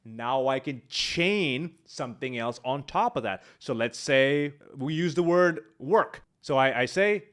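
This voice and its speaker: Animated male speaking coach. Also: mid-range voice, unhurried, hardly any pauses. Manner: animated, walks through examples on the spot. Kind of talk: instructional YouTube talk. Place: home video setup with studio lights. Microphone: large studio microphone.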